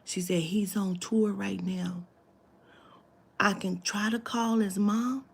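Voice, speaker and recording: A woman's voice: mid-range voice, fairly even intonation, takes it slowly, creaky, slightly rough. A woman telling a long story in casual talk, acting out the quoted dialogue, swearing freely and dropping into whispers. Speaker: spiritual reader telling a client story.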